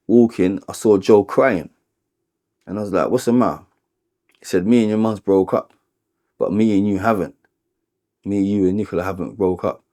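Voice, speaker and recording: A man with a London accent telling his own life story in a candid, halting way, often repeating words and using "like" as filler. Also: fairly low pitch, a little mellow. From London, England.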